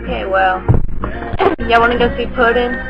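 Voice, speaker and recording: A woman's voice: a little high, steady tone, normal speed, highs cut off. A woman, chatting casually and self-consciously in a home vlog. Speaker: vlogger. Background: loud radio music.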